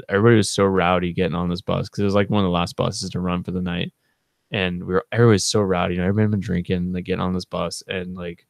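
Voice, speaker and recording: Deep gravelly man telling a rambling story. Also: dry recording, clean studio sound. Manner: rambling, laid-back, full of fillers. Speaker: channel co-host. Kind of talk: casual storytelling vlog.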